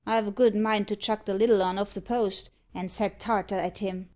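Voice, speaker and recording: A woman reading aloud, voicing a rough ragamuffin lad who taunts and calls to his dog. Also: medium pitch, steady tone, moderate pace, dull audio, lightly acted. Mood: taunting.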